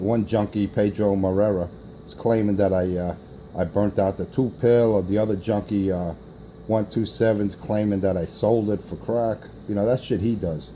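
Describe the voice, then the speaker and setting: A man's voice: lowish voice, dark tone, a little hiss or hum, poor audio. A man talking on a CB radio, boastful and rambling, with many fillers. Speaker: CB radio operator. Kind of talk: radio chatter.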